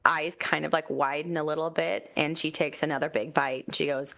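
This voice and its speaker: A woman playing a tabletop role-playing game, describing her character's actions in a halting, filler-heavy, giggly way. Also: sits low, fairly even intonation, gravelly, sharp tone, dry recording, faint music behind. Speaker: player.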